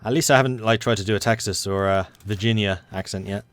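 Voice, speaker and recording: A man's voice: on the low side, steady tone, fast. A man streaming a strategy game, reading the event text in a put-on American accent that slips now and then, with chatty asides to his viewers. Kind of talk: live gameplay commentary.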